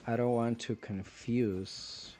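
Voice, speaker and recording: A man streaming a video game, musing philosophically in halting, rambling phrases between pauses. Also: mid-range voice, steady tone, dark tone, faint music behind. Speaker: gaming streamer. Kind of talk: reflective gameplay commentary.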